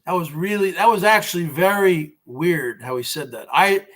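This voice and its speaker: A man's voice: on the high side, moderate pace, a bit bright. A man in his forties hosting his own show in a casual, ranting monologue, mocking and repeating himself as he circles back to the same phrase. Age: 40s. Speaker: host.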